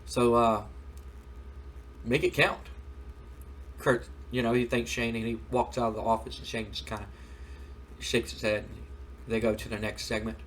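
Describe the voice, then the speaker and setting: A man's voice: medium pitch, little pitch movement, fairly quick, a little hiss or hum. A man hosting a gaming video, casually retelling a wrestling storyline with rambling fillers. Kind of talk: casual let's play narration.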